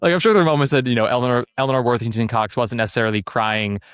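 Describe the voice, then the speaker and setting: A man's voice: mid-range voice, rapid-fire, clear, resonant tone, dry recording. A man hosting a podcast, chatting casually and with strong opinions about theater. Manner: opinionated, animated, trails off and restarts. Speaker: podcast host.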